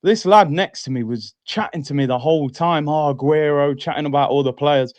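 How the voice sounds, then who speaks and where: A man on a fan podcast tells a story against himself, laughing as he goes. His voice sits fairly high for a man. It sounds close and dry, with no room around it. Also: brisk, a little mellow, no room sound. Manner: laughing, self-mocking storyteller. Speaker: podcast co-host. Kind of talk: casual storytelling chat.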